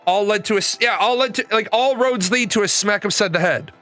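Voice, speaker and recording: A man in his forties talks on a live stream in a loose, profane rant, full of stories. His voice sits high and bright, and faint music plays behind him. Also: brisk. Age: 40s. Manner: profane, animated storytelling. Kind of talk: ranting casual talk.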